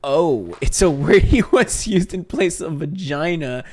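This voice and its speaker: A man's voice: a little high, expressive, unhurried. A male streamer in an old stream recording, reading an online article aloud in a casual drone and stopping to laugh.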